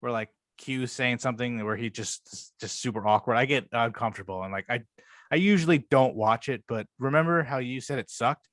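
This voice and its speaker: A man co-hosting a casual podcast chat, rambling and swearing freely, sometimes jumping higher to act out quotes. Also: fairly quick, a bit bright, no echo, studio quality. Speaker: podcast co-host.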